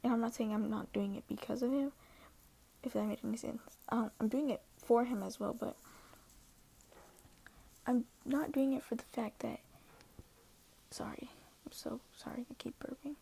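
A woman's voice: on the high side, steady tone, normal speed, creaky, long pauses, warm tone, slightly rough. A teenage girl talking earnestly and hesitantly in a casual vlog, often dropping to a half-whisper. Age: teens. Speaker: social media poster.

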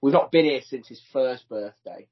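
A man's voice: mid-range voice, moderate pace, muffled recording. A man co-hosting a podcast, chatting casually and rambling through holiday stories from abroad over a remote line. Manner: chatty, rambling, self-deprecating banter. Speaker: podcast co-host. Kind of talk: casual chat. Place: holiday home in France, remote.

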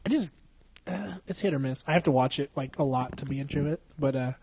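A man's voice: mid-range voice, fairly quick, a little mellow, breathy edge, no room sound. Young male podcast host, profane and slangy, laughing, dry recording. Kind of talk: casual chat.

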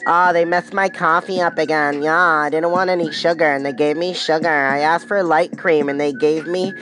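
A man voicing a petty coffee-shop customer who grumbles through a drawn-out complaint about the coffee order. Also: fairly high pitch, steady tone, bright, forceful tone. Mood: whiny.

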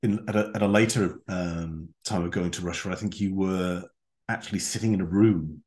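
A man hosting an interview, asking long questions in a halting way with repeated words. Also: sits low, fairly even intonation, a little mellow. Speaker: podcast host.

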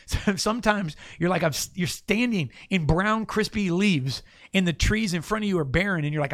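Male host, casual preacher, lively and playful, slightly high voice, dry studio mic. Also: brisk, no echo. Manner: animated, preachy, playful asides. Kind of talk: casual faith talk.

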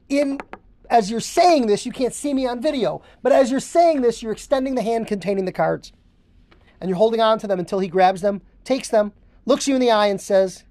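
A woman's voice: fairly high pitch, animated, normal speed, darkish tone, no echo. A woman hosting a podcast, coaching haircutters and drilling phrases word for word with emphatic repetition. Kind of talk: instructional podcast monologue.

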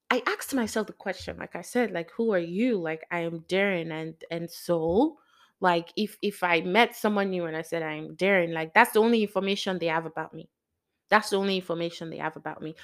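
A woman talking casually to her viewers about her faith, rambling and excitable, with many fillers and asides. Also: fairly low pitch. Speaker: faith vlogger. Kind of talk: casual devotional talk to viewers.

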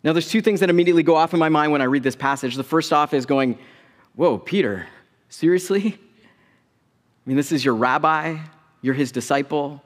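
A man's voice: fairly high pitch, fairly even intonation, brisk. Casual preaching man in a reverberant hall. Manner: conversational preaching with casual asides. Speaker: pastor. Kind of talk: sermon. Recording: long reverb of a large hall.

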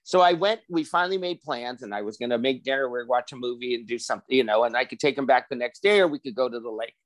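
A man around sixty hosting a casual podcast chat, telling a long personal story in an animated way and acting out what other people said. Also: medium pitch, fast, dry recording. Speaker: podcast host.

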